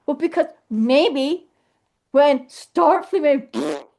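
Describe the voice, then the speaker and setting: A woman talking casually to camera in an animated, emphatic way, thinking aloud and restarting her sentences as she goes. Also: sits high, a little slow. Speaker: vlogger. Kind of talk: casual rambling monologue.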